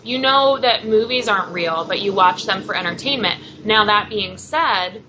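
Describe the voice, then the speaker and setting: A woman, a wrestler, answering an interview in a measured way and explaining with examples. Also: mid-range voice, bright, forceful tone, lo-fi sound, slight background noise. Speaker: guest, wrestler.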